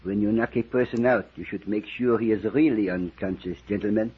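A man's voice: lowish voice, a little fast, slightly rough. An actor in 1940s radio acting, playing a coldly polite male gangster waiter who speaks stiffly and formally, on a dull old radio recording. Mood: menacing polite. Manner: stiff, formal, repeats "gentlemen".

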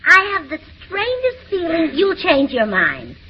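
A woman's voice: very high-pitched, wildly swooping pitch, measured pace, a little hiss or hum. A woman in a 1940s radio comedy, chirpy, scatterbrained and giggly. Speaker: comedy show co-star. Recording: dull old radio broadcast.

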